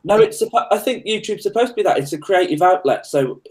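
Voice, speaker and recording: A man's voice: high-pitched, expressive, fast talker, darkish tone. A man from Birmingham, a fellow YouTuber, chatting on a video call in an easygoing, friendly and blunt way. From Birmingham, England. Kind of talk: casual live-chat conversation.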